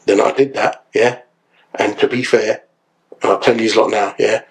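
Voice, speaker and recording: A man talking as a podcast guest, chatty and animated, tagging his lines with "yeah?". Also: fairly low pitch, normal speed. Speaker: podcast guest, solicitor and actor. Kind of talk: casual podcast chat.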